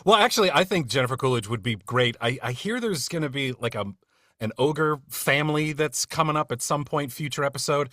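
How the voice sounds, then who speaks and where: A man's voice: medium pitch, animated, fairly quick, bright, forceful tone, no room sound, studio quality. A man leading a casual podcast chat among voice actors, friendly and rambling with many fillers and restarts. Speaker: cast member leading a retrospective discussion.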